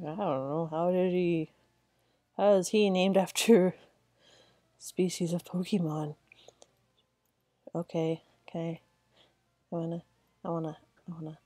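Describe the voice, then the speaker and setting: A woman's voice: on the low side, warm tone, no room sound. A tired woman giving rambling, giggly commentary while playing a video game. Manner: giggly, rambling, talks to herself. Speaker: let's play gamer. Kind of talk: casual gameplay commentary.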